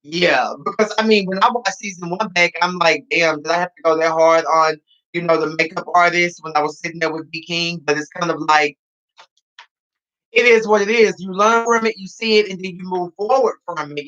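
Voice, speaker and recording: A man's voice: sits high, normal speed, pushed and bright, highs cut off. Sassy man giving dramatic commentary. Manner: sassy, dramatic, repeats phrases for emphasis. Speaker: reality TV cast member reviewing his show. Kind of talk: casual podcast commentary.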